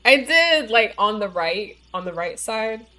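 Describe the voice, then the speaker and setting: With a sing-song, sharp-toned, mid-range voice, a female gamer chats unhurriedly on her livestream. She leans on "like" and "you know," and a bitten tongue slurs her words slightly.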